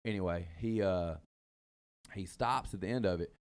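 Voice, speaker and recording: Deep-voiced man rambling through a story. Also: normal speed, clear, resonant tone. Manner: rambling, meandering, full of fillers and asides. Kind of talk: casual storytelling chat.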